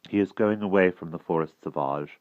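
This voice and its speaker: A man voicing a sad young squire who speaks softly and quietly. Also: low-pitched, a little fast, dry recording, muffled recording, lightly acted. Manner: subdued, soft-spoken.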